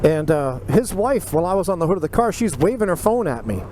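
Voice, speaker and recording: A man with a high, light voice tells a story in an animated, conversational way, acting out his own replies. He speaks outdoors, with clear traffic and street noise running behind him. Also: fast. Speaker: vlogger telling a personal story. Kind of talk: casual storytelling.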